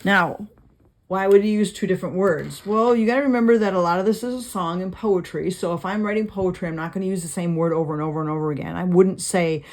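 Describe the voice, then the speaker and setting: A woman with a lowish, slightly mellow voice guides an informal Bible study. She reads passages aloud and ponders the meanings of words at an unhurried pace, full of fillers and restarts.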